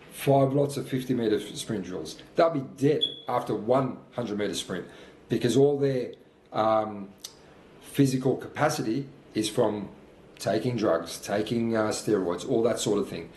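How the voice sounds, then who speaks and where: Breathless between sprints, the fifty-something fitness coach in this workout vlog keeps repeating his sincere pep talk. His voice is medium-pitched with a darkish tone, and the room sounds spacious with a faint hum of noise.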